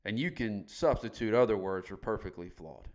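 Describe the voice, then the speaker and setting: A man's voice: fairly low pitch, expressive, moderate pace. A middle-aged man as a podcast guest, candidly telling his story in a blunt, emphatic way and swearing casually.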